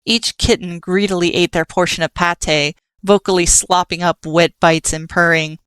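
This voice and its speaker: A woman reading an audiobook in a steady storytelling manner. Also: fairly low pitch, moderate pace, clear, resonant tone, dry recording. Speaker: audiobook narrator. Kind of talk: scripted audiobook narration.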